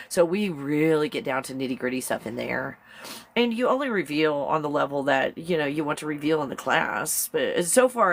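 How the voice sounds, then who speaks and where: A woman hosting a casual live-stream show, chatty and excitable, rambling along and laughing often. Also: sits low.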